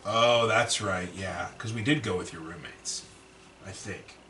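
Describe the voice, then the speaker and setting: Male podcast co-host, animated storyteller, bright tone, echoey room, slightly distant mic. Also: fairly low pitch, measured pace. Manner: animated, profane, laughs often, acts out quotes. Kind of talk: casual storytelling chat. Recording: roomy echo, a bit off-mic, faint background noise.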